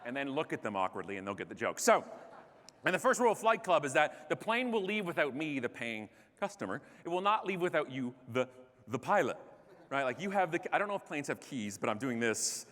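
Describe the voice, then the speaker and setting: A bright, high-pitched Canadian man giving a keynote, his voice swooping up and down as he acts out the scenes of his story. The sound carries a long reverb from a large conference hall. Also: fairly quick. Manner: animated, acts out characters, self-mocking. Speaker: keynote speaker.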